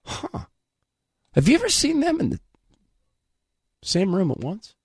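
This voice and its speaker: A man hosting political commentary, delivering scripted segments with a mocking, scornful edge while hoarse. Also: high voice, wildly swooping pitch, measured pace, dry recording, studio quality. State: hoarse, losing his voice.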